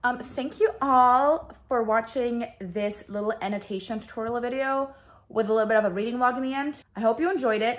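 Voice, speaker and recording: A young woman talks through her books in a chatty, gushing way that is quick to emotion. Her voice is fairly high-pitched and she talks fast. It is an easy, casual vlog delivery. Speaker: book vlogger.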